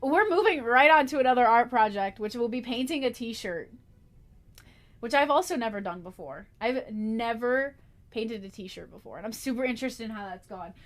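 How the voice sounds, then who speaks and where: A woman's voice: on the high side, lively intonation, moderate pace. A young woman streaming from her small bedroom, chatting casually and giggling to herself as she hunts around the room, sometimes drifting away from the mic. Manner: giggly, scattered, talks to herself while searching. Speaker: art streamer. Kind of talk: casual live-stream chat.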